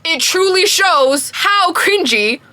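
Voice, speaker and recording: Bright, expressive woman reviewing a book. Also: very high-pitched, dry recording. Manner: expressive, emphatic, quick to laugh at the book. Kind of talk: casual book review vlog.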